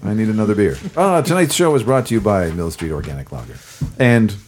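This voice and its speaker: A man hosting a casual hockey podcast, his voice a little gravelly, rambling with fillers and self-corrections. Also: fairly low pitch, big pitch swings, fairly quick, a little mellow, a little hiss or hum. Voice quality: gravelly, recovering voice. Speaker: podcast host.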